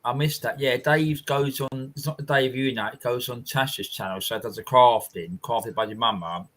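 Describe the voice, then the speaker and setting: London man, livestream host, casual chat, rambling, repeats himself, mid-pitched voice. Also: moderate pace, fairly bright tone. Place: at home.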